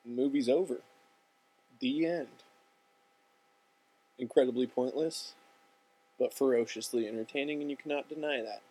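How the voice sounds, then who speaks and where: A man's voice: mid-range voice, a little slow, long pauses, dark tone, husky. Young guy rambling thru a story, loose and sweary, normal mid voice. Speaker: filmmaker pitching a storyboard. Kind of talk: casual storytelling.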